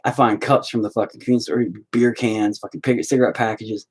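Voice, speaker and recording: A man's voice: medium pitch, normal speed, husky, low-quality recording. A man ranting in a profane, rambling way while painting in a casual vlog at home. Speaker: vlogger.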